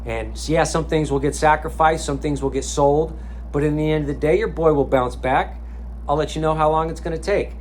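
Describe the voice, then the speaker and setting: A man's voice: a little high, a little fast, darkish tone, slight background noise. Fired-up man ranting with profanity. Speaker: life coach vlogger. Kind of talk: motivational rant. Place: sauna.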